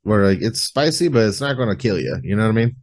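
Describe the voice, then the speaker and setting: A man hosting a podcast in casual chat, relaxed and rambling, filling his talk with "like", over a video call webcam. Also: lowish voice, fast.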